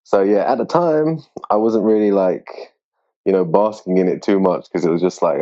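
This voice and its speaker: A man being interviewed as a grappling competitor, talking in a relaxed, rambling way with lots of fillers. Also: deep voice, moderate pace. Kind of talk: casual interview chat. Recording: dull lo-fi sound.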